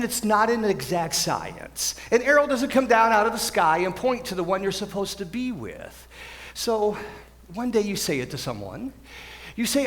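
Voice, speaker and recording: A man's voice: high-pitched, fairly bright tone. A young man playing a wistful musical fan who talks to the audience in a rambling, confiding way, recorded in an auditorium. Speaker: student actor. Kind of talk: stage musical performance. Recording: echoey auditorium, distant mic.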